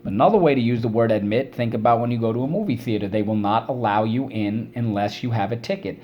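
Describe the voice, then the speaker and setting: A man's voice: mid-range voice, fast talker, dull audio, a little hiss or hum. Man teaching a spelling lesson. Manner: drills words by syllable with call-and-repeat prompts.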